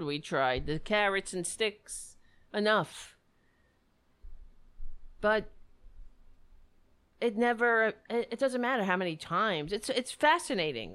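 A woman's voice: mid-range voice, fairly bright tone, clear, resonant tone. A woman giving sarcastic, exasperated commentary, swearing freely as she rebuts. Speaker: commentator reacting to clips. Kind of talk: ranting commentary.

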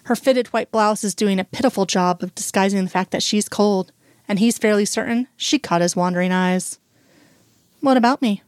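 Brief: female audiobook narrator, mid pitch, dry close mic, unhurried. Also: fairly even intonation, no echo.

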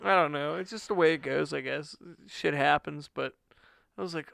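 A man telling stories in casual chat, animated and profane, acting out quotes loudly. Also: fairly high pitch, moderate pace, vocal fry, dry recording, clean studio sound.

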